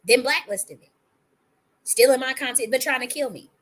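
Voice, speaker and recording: A woman's voice: sits high, a bit bright. Angry woman ranting with a cold. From United States. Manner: angry, profane, rapid-fire ranting with restarts. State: has a cold. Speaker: livestream host. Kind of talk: heated monologue on a livestream.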